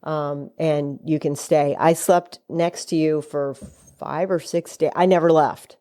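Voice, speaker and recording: Low-voiced chatty mother telling a story. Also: fairly even intonation, unhurried, dark tone. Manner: chatty, acts out quoted speech with shifting pitch. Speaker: guest, host's mother. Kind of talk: casual storytelling.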